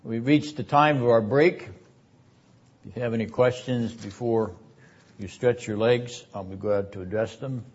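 An older man lectures slowly and deliberately in a classroom, his voice at an ordinary middle pitch. The recording is dull and lo-fi, flattening the top end. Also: slightly rough. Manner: measured, deliberate delivery, rising in force for quoted verses. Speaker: seminary lecturer.

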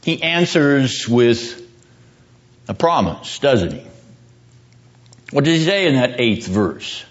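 A man's voice: mid-range voice, big pitch swings, slow pace, long pauses, dull audio. A man teaching a seminary class on the Bible, quizzing his students and driving points home by repeating them.

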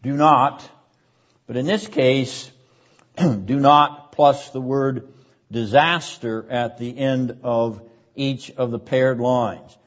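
An older male seminary lecturer explains a text in a deliberate, emphatic classroom manner, hammering key words through repetition. He clears his throat often between points. The lecture recording sounds dull and lo-fi. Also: mid-range voice, fairly even intonation.

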